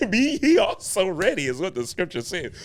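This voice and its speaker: Animated male acting coach. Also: sits high, measured pace. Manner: animated and conversational, repeats key phrases, restarts sentences; laughs between points. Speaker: acting coach and show host. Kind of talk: casual spoken teaching monologue.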